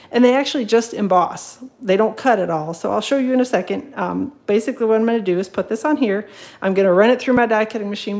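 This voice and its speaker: A woman's voice: medium pitch, darkish tone, low-quality recording. A woman demonstrating card making in a live home tutorial, chatting casually with many fillers and greeting viewers as they join. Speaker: craft demonstrator. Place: craft room at home.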